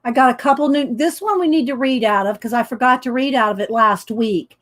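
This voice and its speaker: A woman from the American South hosts a casual morning art livestream from her home studio, windows open, chatting, greeting viewers by name and laughing often. Her voice sits on the high side and moves a little fast.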